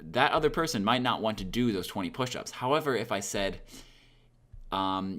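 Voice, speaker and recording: Casting: young male teacher, lowish voice, relaxed and chatty, plenty of ums, acts out example lines. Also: normal speed. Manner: conversational, many fillers, acts out example lines. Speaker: language teacher. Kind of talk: casual explanatory lesson.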